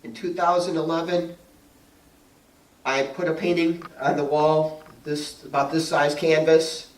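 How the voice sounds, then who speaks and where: A middle-aged man, a guest speaker and painter, addresses an audience in a fairly high, flat-pitched voice at a measured pace. He tells personal stories chattily, laughing often and acting out what people said. A distant mic gives the recording a roomy sound.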